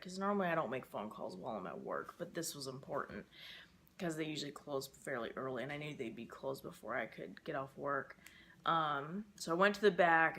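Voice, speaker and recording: A woman's voice: sits low, a bit bright. A young woman talking to camera in a casual personal vlog, rambling and emotional with many fillers, stressed and frustrated. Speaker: vlogger.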